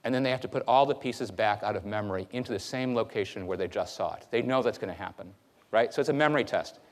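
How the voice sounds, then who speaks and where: A man lecturing a university class in a hall keeps things lively and conversational, dropping fillers often. He speaks at a medium pitch.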